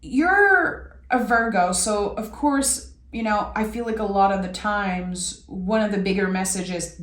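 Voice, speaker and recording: A woman from Québec giving an intuitive tarot reading in a reflective, meandering, gently encouraging way. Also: medium pitch, takes it slowly. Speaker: tarot reader. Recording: echoey room.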